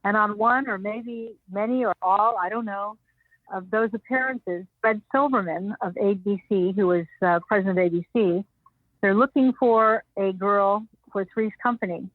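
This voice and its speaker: Older woman telling lively stories over a tinny line. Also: medium pitch, moderate pace, no room sound. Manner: animated anecdotes, acting out others' lines with laughs. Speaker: guest. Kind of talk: storytelling interview. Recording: dry tinny phone-like sound.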